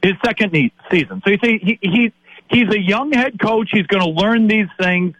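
A man's voice: sits high, normal speed, fairly bright tone, no echo, poor audio. A man in his late fifties from Wisconsin, a sports talk host ranting in exasperation and tripping over repeated words. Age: 50s.

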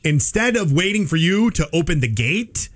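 A man's voice: on the high side, sing-song, normal speed. A man co-hosting a podcast in casual chat, explaining things with playful analogies. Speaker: podcast co-host.

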